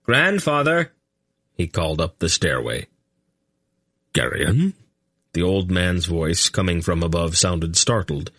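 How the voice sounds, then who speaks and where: Deep-voiced male audiobook narrator. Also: fairly even intonation, moderate pace, few pauses, a bit bright, no room sound, studio quality. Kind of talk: scripted narration.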